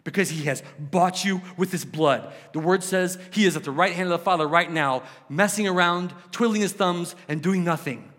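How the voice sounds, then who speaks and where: A man preaching a sermon with passion, swinging between loud exclamations and hushed questions. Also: high voice, moderate pace, hardly any pauses, long reverb tail. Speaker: pastor.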